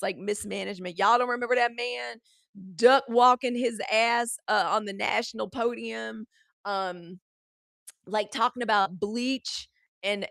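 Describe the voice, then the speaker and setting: A woman's voice: a little high, vocal fry, fairly bright tone, dry recording, clean studio sound. A woman hosting a live news commentary show. She talks casually and bluntly, with profanity, and speaks straight to her viewers. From United States.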